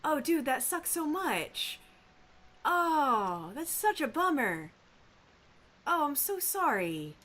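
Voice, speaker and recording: Woman streamer, higher voice, casual live chat, animated and playful with viewers. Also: slow, long pauses.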